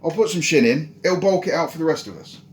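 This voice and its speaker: In a lightly acted performance, a man pushes his voice up to play a cheerful, resourceful soldier cooking stew and coaxing villagers. The voice is on the high side and quick with lively intonation, upbeat but hesitant with restarts. The recording has roomy echo and slight background noise.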